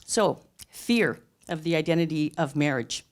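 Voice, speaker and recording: A woman's voice: sits low, lively intonation, a little slow. A middle-aged woman telling a personal story live on a theatre stage, earnest and emphatic. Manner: earnest, emphatic, plain-spoken.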